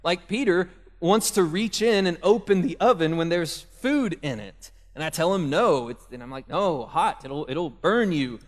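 A man's voice: high-pitched, animated, moderate pace, hardly any pauses. A young man preaching a sermon in a casual, conversational way, telling stories from home and speaking directly to parents. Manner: conversational, storytelling with asides to parents. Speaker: pastor. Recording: long reverb of a hall.

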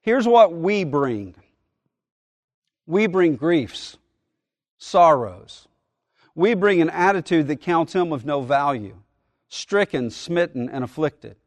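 Male pastor, middle-aged, earnest sermon delivery, slightly high voice, dry sound. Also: sing-song, no echo. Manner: earnest preaching, slows and swells on key phrases.

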